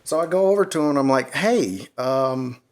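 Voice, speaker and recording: A man's voice: a little high, rapid-fire. Man telling a wild story, laughing. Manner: animated, swearing, laughs at his own story. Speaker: podcast co-host. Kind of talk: casual storytelling.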